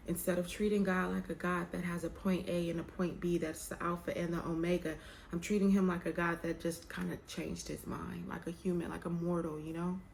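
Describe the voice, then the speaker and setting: A woman's voice: on the low side, gravelly, a little hiss or hum. A young woman vlogging to camera, candid and emotional as she talks about faith and waiting, with a colloquial, drawling way of speaking. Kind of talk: casual heartfelt chat to camera. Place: room with some echo.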